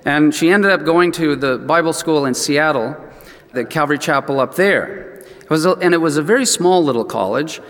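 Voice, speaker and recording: An older man preaching in a church with a slightly high voice. He tells the story in an easy, conversational way and lively acts out the people he quotes. His voice rings with the long reverb of a big hall. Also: normal speed. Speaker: pastor. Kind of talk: sermon storytelling.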